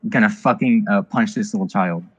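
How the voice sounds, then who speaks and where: A man's voice: fairly low pitch, fairly quick, slightly rough, no echo. A man playing a tabletop game, speaking hesitantly with many fillers. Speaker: player. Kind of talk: casual tabletop play. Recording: dull lo-fi audio.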